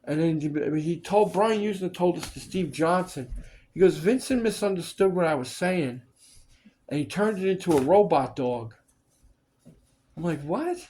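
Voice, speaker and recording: A man recounts stories in a relaxed chat with a slightly high voice. He is animated, switching into other people's voices as he quotes them, and drops swear words freely. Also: normal speed. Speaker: storyteller recalling film work. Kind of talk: casual chat.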